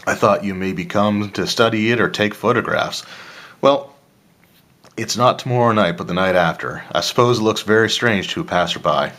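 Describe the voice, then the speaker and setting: A man's voice: fairly low pitch, moderate pace, a bit bright. A man doing a chatty, homely village landlady. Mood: hospitable. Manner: homely, chatty, a faint drawl. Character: kindly village landlady, middle-aged woman.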